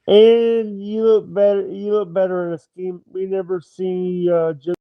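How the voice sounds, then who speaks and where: Brief: male guest calling in, high smooth voice, slow and halting, muffled lo-fi line. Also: steady tone, no room sound. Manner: hesitant, halting, repeats himself. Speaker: call-in guest. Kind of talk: casual chat over a call.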